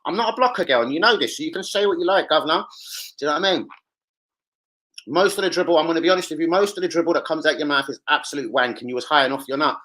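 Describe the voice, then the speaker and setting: A young man, hosting a football live stream and chatting with his viewers in an animated, slangy and sweary way. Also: a little high, very fast, rough recording. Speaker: football livestream host. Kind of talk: casual live-stream chat.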